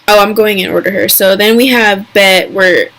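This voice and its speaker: Chatty young woman gushing over a show. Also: medium pitch. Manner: chatty and excitable, full of fillers and "like"; mimics characters in quick exaggerated asides. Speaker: TV episode recapper. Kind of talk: casual vlog recap.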